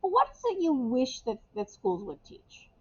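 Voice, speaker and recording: A woman's voice: high voice, very animated, moderate pace, breathy edge. Chatty woman teacher, muffled lo-fi sound. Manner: casual, chatty, repeats key phrases. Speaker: English teacher. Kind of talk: recorded class instructions for remote students. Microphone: webcam or camera microphone.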